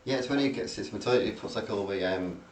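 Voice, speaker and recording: Speaking quickly in a fairly low voice, a podcast co-host stumbles through a film's plot, full of fillers and restarts as he rambles casually. The distant mic captures a roomy sound with faint noise behind him.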